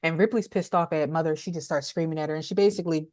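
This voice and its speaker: A woman co-hosting a podcast, recapping a horror movie in an animated, blunt and laughing way. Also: low-pitched, very fast. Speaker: podcast co-host, movie reviewer.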